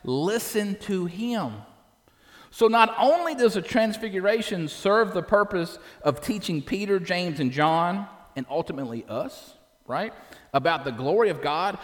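An animated male pastor preaching a sermon, with a fairly high voice. He poses questions to the congregation, and his words ring out with a long reverb from a large church hall.

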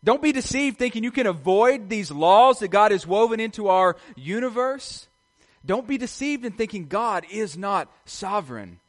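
A man's voice: high-pitched, expressive, moderate pace. A man preaching a sermon as pastor, earnest and repetitive, often asking rhetorical questions to his congregation.

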